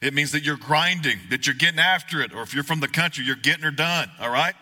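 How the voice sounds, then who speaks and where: Young male preacher, sermon, folksy, joking, slightly high voice. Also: fast talker. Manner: folksy, joking, rising to shouts. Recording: echoey hall.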